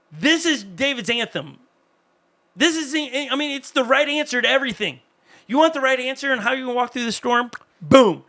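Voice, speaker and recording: A man preaching a sermon as pastor, in a conversational, animated way with asides to the congregation. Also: extremely high pitch, moderate pace.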